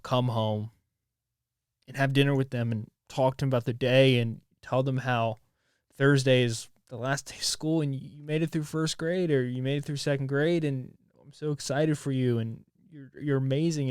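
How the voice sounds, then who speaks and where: A man's voice: mid-range voice, smooth, no echo, clean studio sound. A man in his twenties hosting a solo podcast, speaking candidly in a rambling, raw way with frequent restarts and swearing. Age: 20s. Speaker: podcast host.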